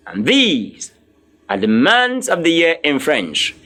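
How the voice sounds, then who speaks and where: Slow, lively male teacher drilling words. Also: a little high. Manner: slow, repetitive drilling, spells words letter by letter. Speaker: French teacher. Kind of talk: classroom lesson, drilling vocabulary.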